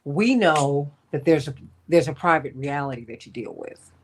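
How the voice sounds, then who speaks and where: Lively woman host, lowish voice. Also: moderate pace, a little hiss or hum. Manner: animated storytelling, laughs often, addresses guests by title. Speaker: talk show host. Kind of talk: casual radio talk.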